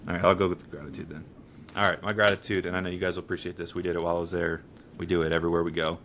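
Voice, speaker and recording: A man's voice: deep voice, flat delivery, racing, a bit bright, slight background noise. A man co-hosting a podcast in casual chat, rambling with fillers and laughing often. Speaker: podcast co-host.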